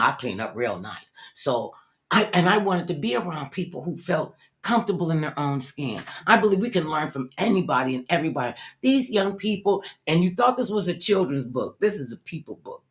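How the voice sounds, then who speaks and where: Older female talk host, animated and chatty, tells stories. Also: sits low. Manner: animated, storytelling, acts out other people's voices. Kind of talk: lively interview chat.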